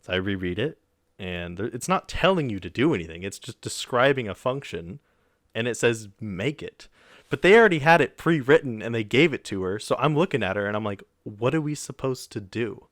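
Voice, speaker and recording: A man's voice: medium pitch, a little fast, no room sound, studio quality. A young man casually retelling a story on a podcast, acting out the people he quotes. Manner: animated retelling with quoted voices, swears mildly. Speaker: podcast co-host.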